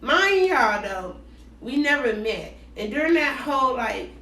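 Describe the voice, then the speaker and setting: A woman's voice: high-pitched, measured pace, recorded from a distance. Slangy woman telling a story, echoey room. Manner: animated, slangy, acts out both sides of conversations. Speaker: vlogger telling a dating story. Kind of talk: casual storytime chat. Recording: roomy echo, voice set back from the mic.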